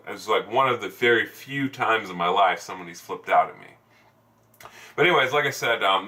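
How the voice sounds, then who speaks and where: A man telling a casual story for his channel, rambling along with plenty of fillers and false starts. His voice sits a little low yet sounds bright and forceful, picked up from some distance away from the mic. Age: adult, over ten years in sales. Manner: rambling, many fillers and restarts. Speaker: salesman vlogger.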